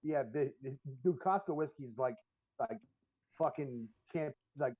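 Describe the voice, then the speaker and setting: A man's voice: on the high side, expressive, a little slow, breathy edge, dry recording. A man co-hosting a podcast, telling long, profane, rambling stories full of fillers in casual chat. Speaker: podcast co-host. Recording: dull lo-fi stream audio.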